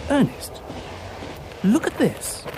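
An actor playing a brisk, eager Victorian gentleman detective, bantering in an upper-class way in an audiobook drama. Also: noisy background, close to an everyday voice.

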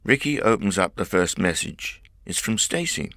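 A man narrating a storybook reading at a measured, clear pace. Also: low voice, sing-song, fairly bright tone, no echo, studio quality.

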